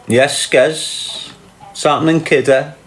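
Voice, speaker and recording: A man's voice: fairly high pitch, fairly even intonation, takes it slowly, roomy sound, very noisy. A man hosting a casual livestream, answering chat comments with brash, sweary, mocking banter.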